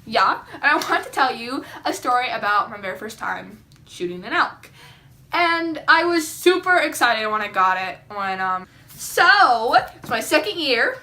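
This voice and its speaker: A young woman vlogging to camera, telling a story in a chatty, excitable way with lots of "like" and dramatic reactions. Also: on the high side, unhurried. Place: indoors at home, seated.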